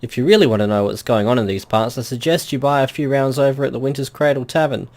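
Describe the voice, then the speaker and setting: A man's voice: medium pitch, quick pace, close to an everyday voice. A man voicing a polite male warehouse merchant who speaks in formal, courteous shopkeeper patter.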